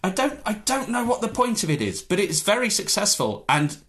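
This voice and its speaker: Animated man ranting comically. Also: sits high, fairly quick. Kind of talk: casual chat.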